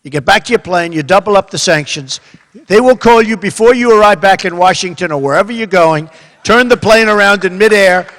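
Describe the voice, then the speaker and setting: An older man in his seventies giving a campaign speech at a rally event, repetitive and emphatic, swinging between quiet asides and loud bursts. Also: sits high, fairly quick. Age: 70s. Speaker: candidate speaking at a rally event. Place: large hall with an audience. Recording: echoey hall with crowd behind.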